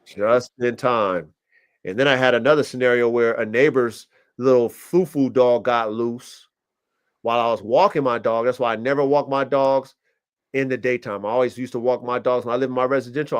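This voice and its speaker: This podcast host speaks at a medium pitch, briskly and with a clean tone. On his casual livestream he spins energetic, wandering stories full of swearing.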